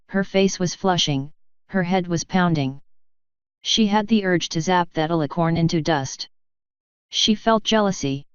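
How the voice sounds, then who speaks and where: A woman narrating fanfiction in a steady storytelling manner. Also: lowish voice, smooth, no echo. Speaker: audiobook reader. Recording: dry, dull lo-fi recording.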